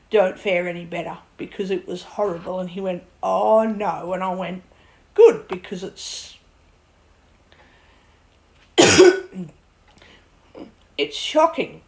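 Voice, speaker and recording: A woman's voice: medium pitch, poor audio. A woman venting to camera about a bad illness, blunt and swearing, laughing at her own ordeal as she rambles. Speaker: vlogger. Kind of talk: rambling personal vent.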